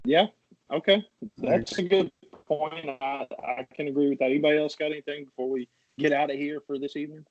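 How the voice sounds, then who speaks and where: A man's voice: on the high side, fairly even intonation, brisk, dull audio. A man hosting a podcast, rambling through a jokey, casual sign-off full of fillers. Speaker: podcast host.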